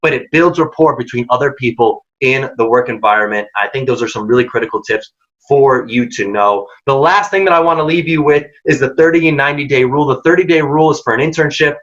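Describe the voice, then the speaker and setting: A man's voice: mid-range voice, quick pace, a bit bright. A man presenting a career workshop, giving direct, emphatic advice and acting out quoted dialogue. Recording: dull lo-fi audio.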